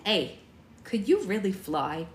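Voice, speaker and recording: A woman's voice: medium pitch, big pitch swings, slow, a little hiss or hum. A blunt young witch sister, as a woman reads her, plainspoken and direct in an everyday voice. Storybook reading with roomy echo.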